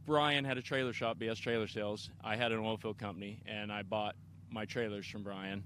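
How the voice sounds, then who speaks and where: A man's voice: fairly low pitch, steady tone, a little fast, fairly bright tone, a little hiss or hum. A middle-aged man from Kansas, an off-road racer answering interview questions outdoors in an enthusiastic, rambling way with many restarts. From Kansas, USA. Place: outdoors at an off-road race park.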